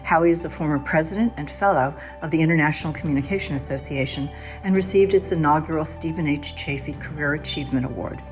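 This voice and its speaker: A woman hosting a podcast, reading a scripted introduction in a formal, even-paced way. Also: low voice, fast talker, over music. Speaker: podcast host.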